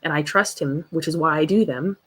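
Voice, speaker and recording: A woman's voice: deep voice, a little fast, slightly rough. A young woman hosting a casual livestream, talking passionately and reading out chat comments. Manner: passionate, emphatic, animated. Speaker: livestream host.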